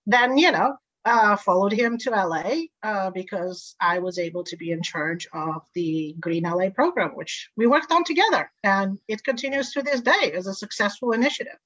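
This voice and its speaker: A middle-aged woman telling her career story in a lively, enthusiastic way during a conversational interview. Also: mid-range voice, moderate pace, few pauses, no echo. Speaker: interview guest, energy executive. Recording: dull lo-fi recording.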